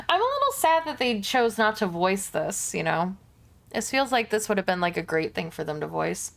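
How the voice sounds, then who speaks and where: A woman's voice: medium pitch, sing-song, gravelly. Chatty young woman streaming a game. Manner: chatty, quick reactions to the game. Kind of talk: casual gameplay commentary.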